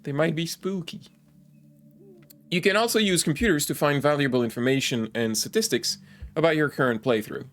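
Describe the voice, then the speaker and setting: A man's voice: a little high, brisk, a bit bright. Man reading game text on stream. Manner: reads aloud, then breaks off for joking asides; stumbles and restarts on foreign words.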